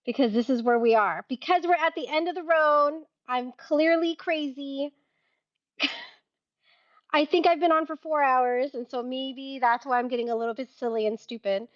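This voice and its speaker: A woman's voice: high voice, moderate pace, muffled recording. A woman hosting a casual live-stream sale, chatty and giggly, often laughing at herself.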